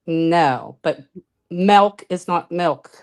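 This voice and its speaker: A woman from western Pennsylvania with a western Pennsylvania accent, calling in to a casual chat, friendly and quick to laugh. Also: fairly low pitch, a little mellow. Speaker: caller.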